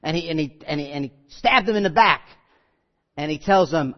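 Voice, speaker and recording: A man preaching a sermon, telling stories with quoted voices and lively asides. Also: fairly high pitch, brisk. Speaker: pastor. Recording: muffled audio with long hall reverb.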